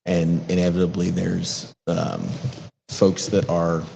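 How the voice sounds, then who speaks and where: A man being interviewed as a city council member, answering in a measured, earnest way. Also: deep voice, monotone, creaky, dark tone, a little hiss or hum. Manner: measured, earnest, civic talking points.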